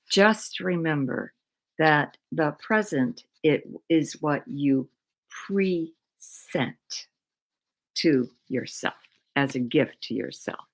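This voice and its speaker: Slow, low-voiced woman musing. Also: poor audio. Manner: slow and deliberate, repeats words with long pauses. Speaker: speaker on mindful living. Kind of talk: slow reflective talk.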